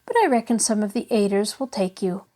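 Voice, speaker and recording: A woman's voice: medium pitch, brisk, dark tone, natural voice. A woman reading a storybook aloud, voicing an eager, cheerful little girl who chatters on.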